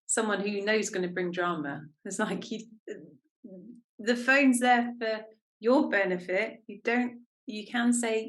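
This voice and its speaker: A woman's voice: mid-range voice, a little slow. A woman co-hosting a podcast, candidly sharing a personal story in a self-reflective, casual chat. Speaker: podcast co-host.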